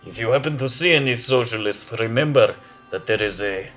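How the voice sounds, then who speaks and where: A man voicing a stern fascist police officer with a mock Russian accent, talking slowly and officiously. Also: medium pitch, fairly bright tone, close to an everyday voice. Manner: slow, officious, disdainful. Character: stern fascist Italian police officer, male, middle-aged. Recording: dull lo-fi, faint music.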